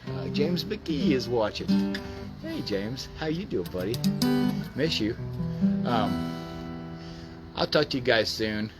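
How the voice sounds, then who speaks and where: A man's voice: medium pitch, big pitch swings, slow, long pauses. A man chatting casually on a livestream, rambling in an easygoing way. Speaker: musician and vlog host. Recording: loud guitar music underneath.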